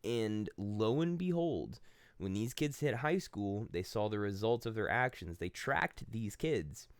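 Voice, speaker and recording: Low-voiced guy rambling about labels and identity, swears a lot, does little voices for people, dry close sound. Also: expressive, measured pace, dry recording. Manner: blunt, profane, storytelling; acts out quoted voices. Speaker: channel host. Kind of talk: casual philosophical monologue.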